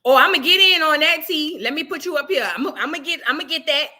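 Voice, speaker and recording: New woman hosting a livestream, high voice, animated storytelling. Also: quick pace. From New Orleans, USA. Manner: chatty, animated storyteller with slangy asides. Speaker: livestream host. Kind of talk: casual livestream chat.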